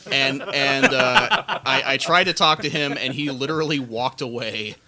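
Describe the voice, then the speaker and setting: A man's voice: mid-range voice, moderate pace, crowd noise. A man co-hosting a podcast, telling rambling stories in casual chat with frequent stammers and restarts. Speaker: podcast co-host.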